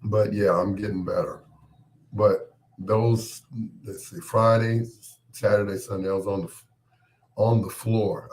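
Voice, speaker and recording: A male late-night radio host with a cold, his voice a little stuffed up. He talks slowly in a lowish register, joking around and teasing listeners by name in a loose, laid-back way. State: has a cold, congested voice.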